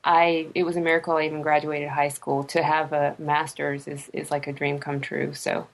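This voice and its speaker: A woman's voice: deep voice, little pitch movement, moderate pace, vocal fry, rough recording. A young woman, a veteran guest on a radio show, grateful and emotional. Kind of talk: radio interview talk.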